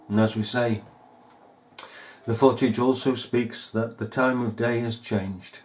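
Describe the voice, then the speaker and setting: A man's voice: mid-range voice, fairly even intonation, measured pace, slight background noise. A man giving scornful, emphatic commentary over news footage, full of rhetorical questions. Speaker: video commentator.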